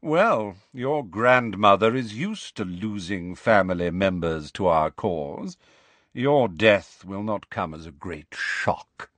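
A man voicing a cold, sneering aristocratic man who speaks in a slow, contemptuous drawl. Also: mid-range voice, big pitch swings, a bit bright, no room sound, full character voice.

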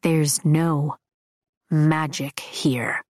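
A woman voicing a brooding young man, speaking low and slow in hushed tones in an audiobook. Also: flat delivery, dry recording, studio quality, heavily acted. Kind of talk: audiobook dialogue.

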